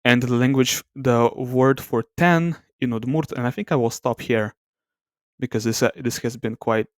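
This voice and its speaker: A man with a smooth, resonant voice talks softly through an ASMR-style language comparison. He thinks aloud, hesitates and corrects himself often. The sound is close and dry, with no room around it. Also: medium pitch, moderate pace, no echo. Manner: soft-spoken, reluctant to talk aloud. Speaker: language video host.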